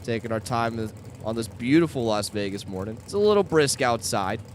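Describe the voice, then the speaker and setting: A man calling drag races outdoors at the track in a steady, matter-of-fact way. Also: medium pitch, normal speed, a little hiss or hum. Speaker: drag race announcer. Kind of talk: live race commentary. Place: outdoors at a racetrack.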